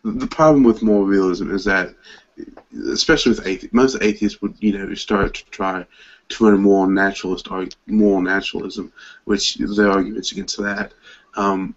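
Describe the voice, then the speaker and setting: A man's voice: low voice, steady tone, moderate pace, highs cut off. A man in a casual group debate, arguing points in a lecturing, argumentative way. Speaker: panel guest.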